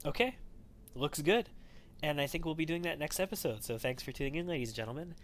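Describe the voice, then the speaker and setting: A man's voice: on the high side, quick pace, a little hiss or hum. Man musing through gameplay choices. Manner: thinks aloud, musing and wavering over choices. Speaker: let's play host. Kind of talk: gameplay commentary.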